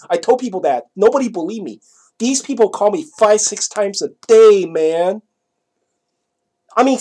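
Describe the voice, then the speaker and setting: A man telling a personal story in a casual monologue, rambling and repeating himself, with many "you know" asides. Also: high-pitched. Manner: swings between loud bursts and quiet asides.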